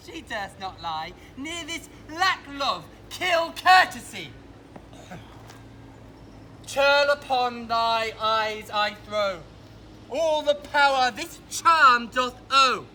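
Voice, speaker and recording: A performer playing the mischievous sprite Puck, delivering verse slowly and deliberately outdoors. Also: sits high, lively intonation, bright, forceful tone, slight background noise, exaggerated voice. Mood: sly. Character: mischievous sprite Puck, servant of a fairy king. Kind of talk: outdoor stage acting of verse.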